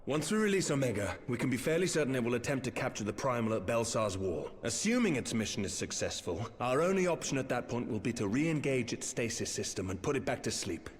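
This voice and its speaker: A man voicing a calm male engineer in a video game, speaking in a measured, explanatory way. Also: medium pitch, natural voice.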